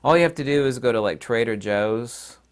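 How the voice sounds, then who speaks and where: A man's voice: medium pitch, moderate pace, smooth. A man hosting his own channel, talking in a rambling, opinionated and folksy casual monologue. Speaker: channel host.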